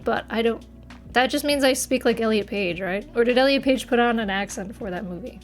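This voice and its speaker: A woman's voice: a little high, a little fast. Chatty streamer woman with a northern US accent. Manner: chatty, giggly, answers viewer chat playfully. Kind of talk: casual livestream chat. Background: faint background music.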